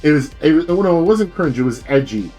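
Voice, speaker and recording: A man's voice: on the high side, lively intonation, quick pace, warm tone, faint music behind. A man streaming as a VTuber, rambling in a casual rant full of fillers and swearing.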